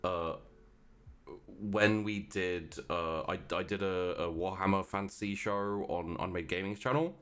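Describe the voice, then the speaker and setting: A man chatting casually about a tabletop game show, halting and repeating words as he goes. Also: deep voice, a bit bright, smooth. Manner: halting, stammering restarts, dry. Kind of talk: casual chat.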